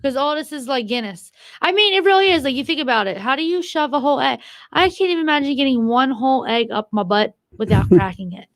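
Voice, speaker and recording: A high-voiced woman co-hosting a comedy podcast, talking in loose, rambling chat. She swears freely and tells crude stories. Her voice sounds close and dry, with no room around it. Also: lively intonation, fast, a bit bright, no room sound. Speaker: podcast co-host.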